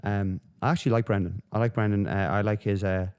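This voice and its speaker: A man's voice: on the low side, fairly even intonation, fast, a little mellow, clear, resonant tone. A man hosting a solo podcast, rambling and swearing through casual commentary with lots of fillers. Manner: profane, rambling, with frequent fillers. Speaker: podcast host.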